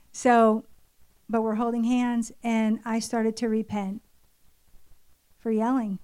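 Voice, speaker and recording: A woman's voice: fairly high pitch, warm tone. Earnest older woman preaching a personal testimony. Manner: earnest, confessional, storytelling with many "like" and "you know" fillers. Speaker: church speaker. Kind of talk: conversational sermon testimony.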